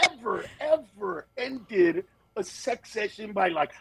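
A man's voice: takes it slowly, vocal fry, a loud crowd, rough recording. A middle-aged man, a comedian, talking in a casual podcast conversation and acting out the people in his stories. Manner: animated storyteller, acts out quotes in high voices. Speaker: comedian guest.

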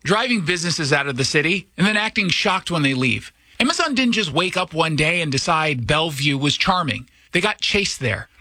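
A man's voice: a little high, expressive, moderate pace, sharp tone, no room sound. A man delivering scripted opinion commentary in a sarcastic, cutting manner.

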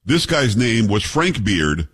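A middle-aged man hosting a talk radio show, speaking close to a studio microphone. His voice has a husky edge, and he drifts from promos into loose, joking asides with his co-host. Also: fairly low pitch, big pitch swings, takes it slowly, a bit bright. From Texas. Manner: chatty, joking, name-dropping asides. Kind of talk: casual radio chat.

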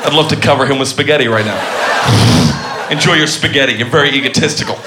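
A man's voice: medium pitch, very fast. A man doing a stand-up set, crude and silly, riffing with the audience. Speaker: stand-up comedian. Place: comedy club stage. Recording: roomy club with loud crowd noise. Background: loud laughing crowd.

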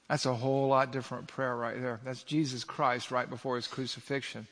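A man's voice: medium pitch, little pitch movement, a little fast, hardly any pauses, a bit bright. Man preaching in a reverberant hall. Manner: emphatic preaching with rhetorical questions. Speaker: pastor. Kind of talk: sermon.

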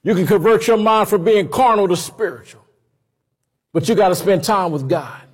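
A man preaching a sermon in a conversational, animated way. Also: high-pitched, moderate pace, breathy edge, long reverb tail. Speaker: pastor.

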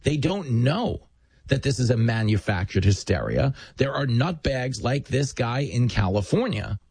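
A man's voice: medium pitch, big pitch swings, a little slow, a little mellow, husky, dry recording. A man hosting a talk show, delivering an emphatic, sardonic political monologue into a studio microphone.

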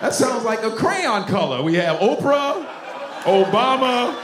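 A man from Nigeria doing an animated, profane stand-up set on a comedy club stage, often laughing. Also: very high voice, a little slow, echoey room, a loud crowd, very noisy.

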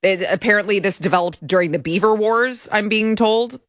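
A woman's voice: medium pitch, a little fast, no echo. A woman hosting an opinionated political commentary show from a broadcast studio, mocking and sarcastic. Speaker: show host.

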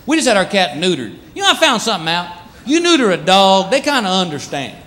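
A middle-aged male stand-up comedian telling stories in a wry, animated, conversational way before a live audience. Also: sits high, quick pace. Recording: live show with loud crowd laughter.

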